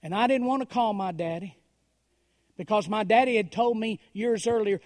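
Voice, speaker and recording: A man preaching a story-driven sermon, dropping to a hush and then rising to loud, dramatic swells. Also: high voice, normal speed. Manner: dramatic, swings from hushed to shouting.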